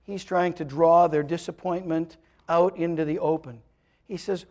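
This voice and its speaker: A man preaches to his congregation in a notably high voice. He sounds earnest and pleading, often repeating a word before pressing on. His lines climb to loud, emphatic peaks and then settle back down. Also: moderate pace. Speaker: pastor. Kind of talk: sermon. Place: church sanctuary, also live streamed.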